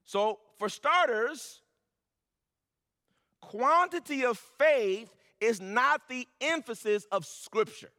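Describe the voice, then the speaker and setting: A man's voice: extremely high pitch, lively intonation, slow pace, sharp tone, in a large hall. A man preaching a sermon as pastor, building to emphatic, repeated lines.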